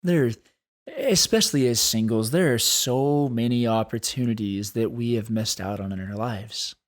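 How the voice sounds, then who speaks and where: A man hosting a solo podcast, talking in an earnest, thoughtful way and slowing down to stress key points. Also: mid-range voice. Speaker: podcast host. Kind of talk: reflective solo podcast talk.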